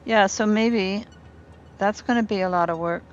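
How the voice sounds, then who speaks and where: A woman's voice: medium pitch, normal speed, dull audio. A woman streaming a game from her apartment, chatting casually with viewers and thinking aloud as she builds. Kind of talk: casual gameplay chat with viewers. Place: home apartment.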